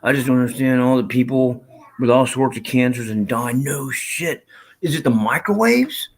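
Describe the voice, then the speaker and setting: Husky man, casual live stream host, rambling, swears a lot, mid-pitched voice. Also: moderate pace. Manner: rambling, profane, reads chat aloud.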